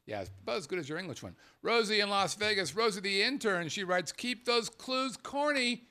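A man co-hosting a casual podcast, reading out listener names with playful, animated banter that drops into murmured asides. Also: high voice, quick pace. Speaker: co-host.

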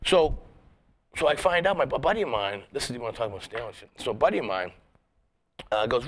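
A man's voice: medium pitch, lively intonation, fast talker, long pauses, a little hiss or hum. A man, a guest comedian, telling rambling, profane stories in a casual podcast chat, with many restarts.

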